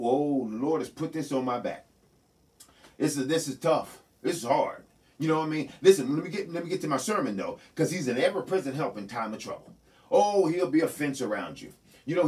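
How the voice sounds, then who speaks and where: A male pastor preaches in a loose, conversational way, his pitch leaping high and dropping low. His voice sits at a middle pitch and is picked up from a little way off the microphone in a church. He keeps talking straight to his congregation. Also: a little mellow, recorded from a distance. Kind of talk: sermon. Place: church sanctuary.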